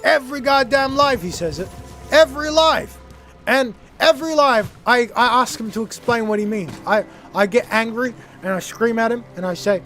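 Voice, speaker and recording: High-voiced young man rambling on stream. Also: moderate pace. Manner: rambling, gets worked up and loud. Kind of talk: casual livestream gaming chat. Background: game music.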